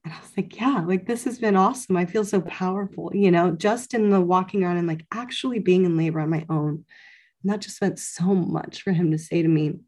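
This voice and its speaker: A woman's voice: fairly low pitch, brisk, a little mellow. A woman in her thirties, a podcast guest casually telling her own birth story and quoting the people around her. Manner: conversational, many "like" fillers, quotes others in her story.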